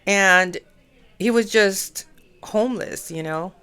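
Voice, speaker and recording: A woman's voice: medium pitch, slow, sharp tone, clear, resonant tone. A middle-aged woman hosting an astrology podcast, chatting in a rambling way full of "you know" fillers. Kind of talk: rambling casual monologue.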